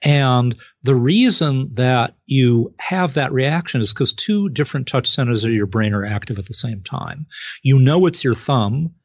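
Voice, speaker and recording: A man answering as a guest expert in an interview, explaining clearly and acting out short examples with exclamations. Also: medium pitch, measured pace, dry recording. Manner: lively, acts out examples with exclamations.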